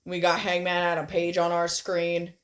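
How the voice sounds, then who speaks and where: Co-host, casual podcast chat, middling pitch, short joking interjections. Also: completely flat delivery, normal speed, a bit bright, a little hiss or hum.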